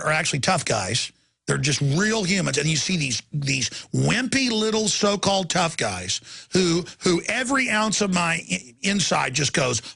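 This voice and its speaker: A man hosting a talk show launches into a heated, emphatic rant. His voice is gravelly and raspy, with a tense, sharp edge. It sits a little higher than most men's. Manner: angry, ranting, heated and emphatic. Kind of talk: impassioned talk radio rant.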